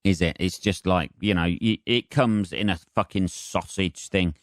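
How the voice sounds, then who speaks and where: A man's voice: low voice, unhurried, no room sound, studio quality. Rambling, sweary podcast man. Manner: rambling, sweary, self-mocking asides. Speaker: podcast host. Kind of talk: solo casual monologue.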